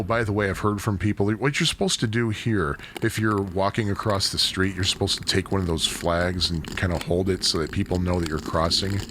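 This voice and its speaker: A man with a deep, low voice chats as he rides through city streets, drifting into rambling, self-deprecating asides. He is recorded on an action camera out in the open, with loud wind and traffic noise behind him. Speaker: cycling vlogger. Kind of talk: casual narration while riding a bike. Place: outdoors on a city bike trail and streets. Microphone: bike- or body-mounted action camera.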